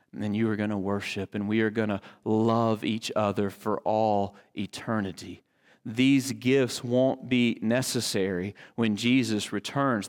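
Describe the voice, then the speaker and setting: A man preaching a sermon as pastor, reading scripture with a lifted voice and dropping low and quiet to drive his points home. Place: church sanctuary. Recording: long reverb of a large church hall.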